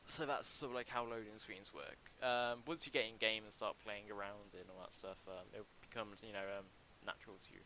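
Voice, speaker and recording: Bright-voiced young man streaming, halting. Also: lowish voice, steady tone, slight background noise, low-quality recording. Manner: halting, many ums and restarts, chatty. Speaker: livestreamer building a game mod. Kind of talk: casual livestream commentary.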